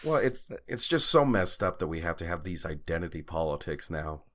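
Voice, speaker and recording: A young man with a very deep voice co-hosts a podcast, rambling through a story. He pads his talk with fillers and throws in profanity in casual chat. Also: big pitch swings, fairly quick, a bit bright. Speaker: podcast co-host.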